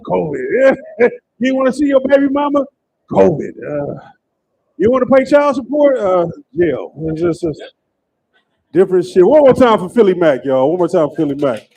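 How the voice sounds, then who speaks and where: Loud high-voiced comedy show host man. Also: lively intonation, fairly quick. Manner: loud, laughing, banters with the crowd. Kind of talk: stand-up hosting, crowd work.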